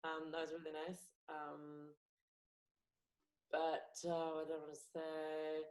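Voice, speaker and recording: Chatty bilingual woman comedian, lower voice. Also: slow pace, low-quality recording. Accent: international English, no French accent. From France. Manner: chatty, lively, many fillers and restarts. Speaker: comedian and actress guest. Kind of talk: casual podcast chat.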